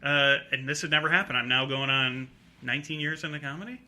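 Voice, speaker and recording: Middle-aged male comic with a very bright, sharp voice, spinning an animated anecdote on a radio show. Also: fast talker. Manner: animated anecdote-telling, acting out a drunk heckler in a high voice. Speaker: comedian guest. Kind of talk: casual storytelling on a talk show.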